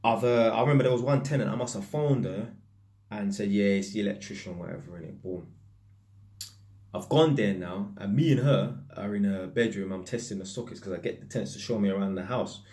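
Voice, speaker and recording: A man with a British accent full of London street slang, an electrician casually telling stories to camera in a lively, anecdotal way. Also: on the low side, brisk.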